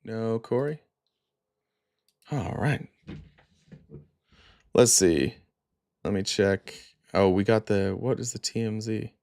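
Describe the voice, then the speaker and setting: A man's voice: fairly low pitch, takes it slowly, long pauses, darkish tone, no room sound, studio quality. A tired man hosting a casual live stream, reading viewer comments aloud in a loose, rambling way full of fillers.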